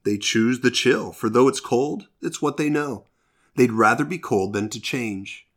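A patient male stranger speaks in slow, measured, reassuring tones, voiced by a preacher telling a story. The delivery stays steady and close to a plain speaking voice. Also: medium pitch, close to an everyday voice. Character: calm male stranger bringing fire, patient.

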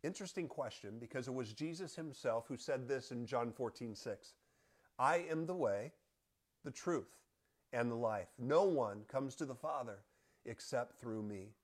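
An earnest man leads a Bible study, reading scripture aloud and then walking listeners through it. His delivery is measured and sincere, and he speaks directly to the group. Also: medium pitch, animated.

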